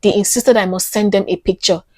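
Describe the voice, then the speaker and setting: A woman's voice: medium pitch, steady tone, a little fast, warm tone, dry recording. A woman earnestly telling a personal story on her vlog, often repeating phrases for emphasis.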